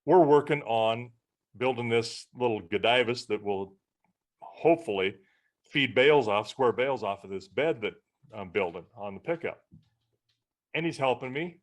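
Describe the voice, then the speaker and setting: A man's voice: medium pitch, moderate pace. A man co-hosting a podcast who tells stories in casual chat and acts out the back-and-forth of what people said. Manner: animated storyteller, acts out quoted exchanges. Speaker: podcast co-host.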